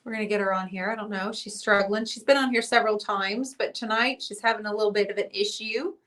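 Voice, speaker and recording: A woman's voice: mid-range voice, fairly even intonation, quick pace, fairly bright tone. A woman hosting a casual livestream, chatty and teasing as she reads viewer comments aloud. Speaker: livestream host.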